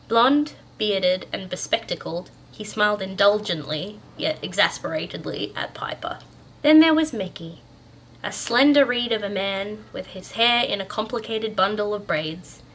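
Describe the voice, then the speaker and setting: A woman storyteller reading a bedtime story aloud in a calm, gentle way. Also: mid-range voice, unhurried, a little hiss or hum.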